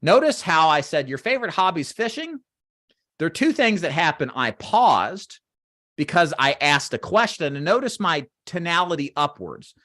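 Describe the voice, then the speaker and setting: A man teaching final expense phone sales, walking trainees through a phone script and acting out sample call lines in a brisk sales voice, with frequent "right?" check-ins. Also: a little high, very animated, sharp tone, dry recording, clean studio sound. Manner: talks straight to trainees, checks in with "right?" and "does that make sense?". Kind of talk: instructional walkthrough of a phone script.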